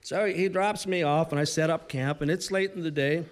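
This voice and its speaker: A man in his sixties telling a humorous story live to an audience, conversational with pauses and restarts. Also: fairly high pitch, steady tone.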